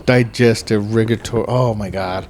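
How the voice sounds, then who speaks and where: A man's voice: fairly low pitch, fairly even intonation, moderate pace, a little mellow, slight background noise. A man in his thirties hosting a podcast, talking in a rambling, casual way with lots of swearing and filler words. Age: 30s. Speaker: podcast host. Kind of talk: casual chat.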